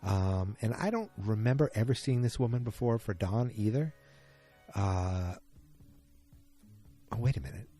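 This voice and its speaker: A man's voice: on the low side, animated, measured pace, long pauses, dark tone, soft background music. A man hosting a casual solo podcast, recapping an episode in a rambling, self-correcting way. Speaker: podcast host.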